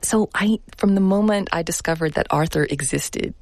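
A woman's voice: on the low side, normal speed, dry recording. Earnest, reflective middle-aged woman, dry sound. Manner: reflective, earnest, laughs softly. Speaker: journalist guest. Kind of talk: radio interview.

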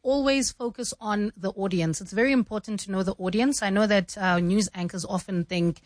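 A woman from South Africa who works as a news anchor, explaining her craft in a measured, emphatic way. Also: mid-range voice, no echo. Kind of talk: studio conversation about newsreading.

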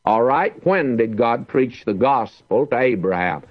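A man's voice: medium pitch, sing-song, unhurried, dry recording, phone-quality sound. A man teaching the Bible verse by verse, reading scripture aloud with emphasis.

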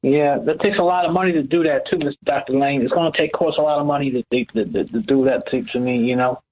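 A male caller to a radio show, talking haltingly and repeating his words. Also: a little high. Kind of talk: phone-in call. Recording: tinny phone line.

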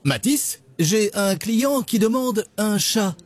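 A formal French hotel clerk in a radio ad, speaking with a French accent in a fairly high, lively voice. He stays polite and a little puzzled, and faint line noise sits behind him. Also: takes it slowly.

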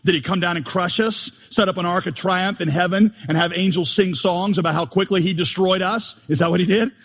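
Pastor, male, high husky voice, animated joking sermon delivery, long reverb. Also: fairly quick. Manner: animated, joking, rhetorical questions.

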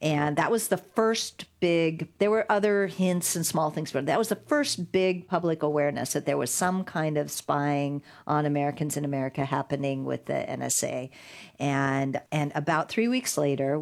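A woman's voice: low-pitched, vocal fry. A middle-aged woman, a guest lawyer, telling a story in an interview and acting out the quotes. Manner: animated storyteller, acts out quotes with laughs. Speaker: guest, digital rights lawyer.

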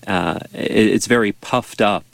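A man, a priest and bioethics professor, answering interview questions in a measured, thoughtful way. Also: on the low side, vocal fry, a bit bright, no room sound. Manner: measured, thoughtful, with some restarts. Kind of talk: explaining in a radio interview.

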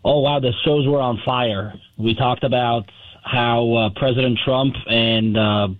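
A man's voice: mid-range voice, steady tone, a little slow. A man guests on a morning radio show and explains finance patiently through analogies. He often restarts a phrase before finishing it. His voice comes through a slightly muffled line. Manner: explanatory, uses analogies, hesitant starts. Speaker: gold dealer guest. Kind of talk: radio interview segment.

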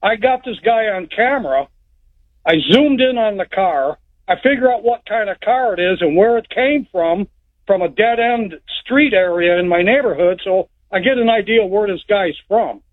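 A man's voice: high voice, moderate pace. A man calling in to a radio show, telling a story in a rambling, plain-spoken way. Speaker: caller. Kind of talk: phone-in storytelling. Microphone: telephone. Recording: tinny phone line.

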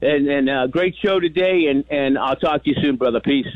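A man in his sixties, from New York, calling in to a sports radio show and telling stories in a rambling, animated way with many restarts. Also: mid-range voice, normal speed, no room sound. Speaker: caller. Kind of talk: call-in radio chat. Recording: tinny phone line, dry.

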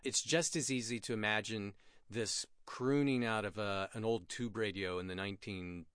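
A man's voice: lowish voice, fairly even intonation, normal speed, fairly bright tone, clear, resonant tone, no echo, studio quality. A middle-aged man hosting a radio music show, chatting casually and enthusiastically about songs, often laughing at himself.

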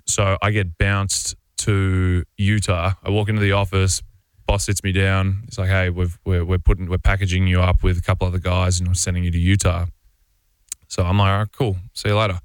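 A man's voice: sits low, normal speed, smooth, dry recording. An Australian man, a basketball player, telling a story casually on a radio show, rambling with lots of fillers and restarts. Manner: rambling, relaxed, full of "like" and restarts.

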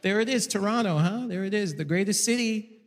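A man doing stand-up on a large concert hall stage, loud and hyped as he works the crowd. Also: sits high, fairly quick, heavy background noise. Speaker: stand-up comedian. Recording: live hall, distant mic, crowd.

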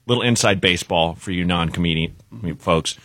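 A man's voice: low voice, a little fast, pushed and bright, no room sound. A man who is a stand-up comedian, telling a comic story as a guest on a radio show and laughing through his own punchlines, recorded on a studio microphone.

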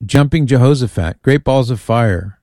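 A man's voice: mid-range voice, normal speed, mellow, no echo, clean studio sound. A man hosting a call-in radio show, chatting and reading listener emails aloud with amused asides. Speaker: radio host.

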